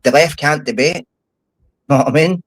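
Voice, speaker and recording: A man's voice: a little high, moderate pace, dry recording, poor audio. A Scottish man in casual podcast chat. He is blunt and heated and swears often. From Scotland. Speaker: podcast guest, former prisoner.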